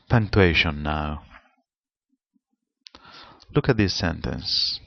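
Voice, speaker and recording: Slow, measured Spanish-accented male lecturer. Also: lowish voice, no echo. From Spain. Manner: slow, deliberate, explanatory delivery. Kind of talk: seminar lecture on pronunciation. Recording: slightly dull lo-fi sound.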